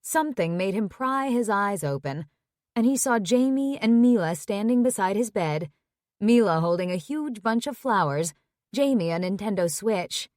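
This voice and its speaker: A woman narrating a romance audiobook in a measured, even reading. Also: medium pitch, dry recording, clean studio sound.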